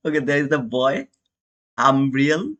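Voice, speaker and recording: A bright, forceful voice on the high side comes through a recording with the highs cut off. It belongs to an Indian-accented day trader hosting a live trading stream, who chats casually with viewers, calls them brother, and answers chat.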